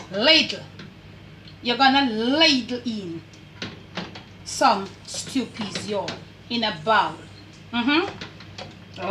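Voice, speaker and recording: A woman's voice: high-pitched, echoey room, background noise. Chatty older Jamaican woman cooking. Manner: chatty, directs the camera, lively patois asides. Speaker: cooking channel host. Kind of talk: home cooking demonstration. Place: home kitchen.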